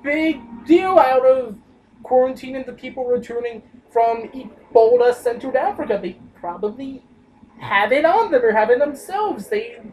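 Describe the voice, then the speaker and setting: A woman's voice: high-pitched, lively intonation, normal speed, a little mellow, rough recording. A young woman telling a work story in a casual, rambling chat. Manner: casual, rambling with side remarks. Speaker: podcast co-host.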